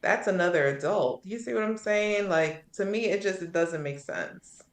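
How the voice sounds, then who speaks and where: A woman's voice: mid-range voice, moderate pace, reverberant. A woman on a podcast panel in casual debate, arguing assertively point by point.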